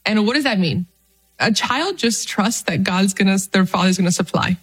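A young woman talking earnestly to camera about faith. She laughs easily and acts out her own inner voices in a higher pitch. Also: expressive, moderate pace, a bit bright, breathy edge, rough recording. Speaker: Catholic speaker. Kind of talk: faith vlog talk to camera.

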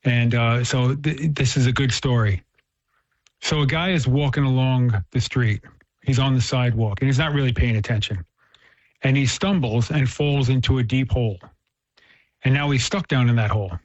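A man's voice: mid-range voice, moderate pace, dry recording. A man in casual conversation, earnestly telling a parable and explaining ideas, often restarting his phrases and acting out the quoted lines. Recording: dull dry lo-fi sound.

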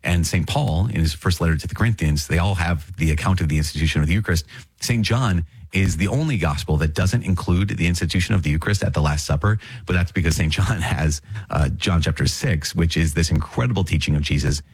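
A deep, slightly husky man teaches the catechism on his podcast, reading a passage and then unpacking it in an earnest, conversational way. He circles back and repeats key phrases for emphasis. His voice sits close and dry, with no room around it. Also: a little fast, dry recording. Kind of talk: casual teaching with read passages.

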